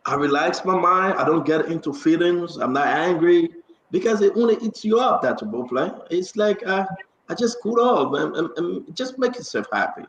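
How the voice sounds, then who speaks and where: A man's voice: a little high, lively intonation, normal speed, fairly bright tone, roomy sound, slight background noise, rough recording. A man hosting a casual online talk show, chatty and upbeat, drifting into preachy asides.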